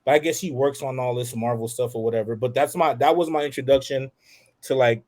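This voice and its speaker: A man telling a childhood story as a podcast guest, animated, acting out the voices of people in it. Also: medium pitch, fairly quick. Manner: animated, acts out quoted voices. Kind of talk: casual storytelling.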